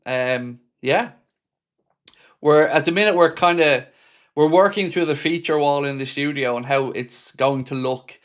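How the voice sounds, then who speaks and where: A man's voice: fairly high pitch, a little slow. A man hosting a fan live stream, chatting casually, reading viewer comments out and answering each commenter by name.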